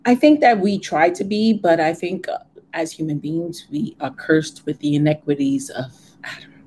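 Animated mother telling family stories. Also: sits low, normal speed, slight background noise. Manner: animated storyteller, acts out quoted voices. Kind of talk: casual faith discussion.

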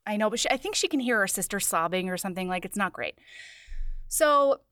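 Animated, chatty woman retelling a story. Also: medium pitch, a little fast, no room sound, clean studio sound. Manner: animated retelling with quoted voices, swears freely. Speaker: podcast co-host recapping a book. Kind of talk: casual chat.

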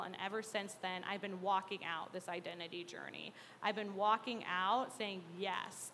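A woman shares her faith testimony in a bright, forward, mid-range voice, speaking earnestly and haltingly with lots of fillers. Her words fade into a long reverb, and faint noise sits in the background.

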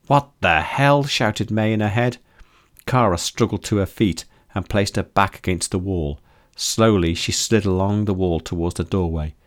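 A man reading his own story aloud as narrator, in a steady, measured delivery. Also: low-pitched. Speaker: author and narrator. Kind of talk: scripted audiobook narration.

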